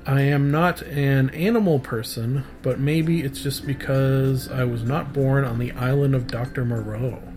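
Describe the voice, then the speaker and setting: Slow-talking man reading his jokes. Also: medium pitch, fairly even intonation, music in the background. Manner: slow, drawn-out delivery of one-liners, groaning at his own jokes. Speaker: podcast host. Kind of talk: reading out his own joke list.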